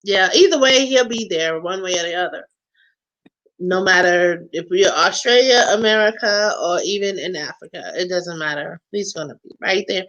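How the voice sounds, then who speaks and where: A woman's voice: lowish voice, moderate pace, a bit bright, dull audio. A woman hosting a casual holiday chat over a video call, playful, laughing often and breaking into bits of song. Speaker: host.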